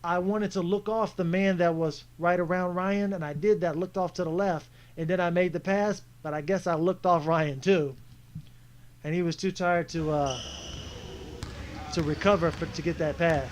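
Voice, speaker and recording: A man's voice: high-pitched, moderate pace. A man commenting casually on footage of his own basketball game, frustrated and critiquing his teammates. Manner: frustrated, animated coaching critique.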